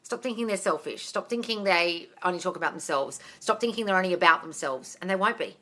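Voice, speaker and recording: Fairly low-pitched and brisk, this Australian woman reads viewer comments aloud in a lively voice on a casual live stream. She coaches them with blunt answers, swears freely, and calls them darling.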